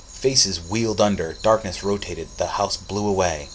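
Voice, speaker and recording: A man with a deep, low voice reads a story aloud. His delivery is steady and dramatic. A faint hum of crickets sits behind him. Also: normal speed, low-quality recording. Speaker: narrator. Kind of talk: audiobook reading.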